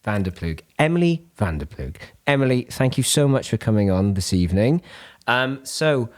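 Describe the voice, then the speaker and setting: Playful, teasing podcast host. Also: female voice, extremely low pitch, sing-song, moderate pace, darkish tone. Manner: playful, teasing, self-deprecating. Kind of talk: casual chat. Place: small room in a historic house.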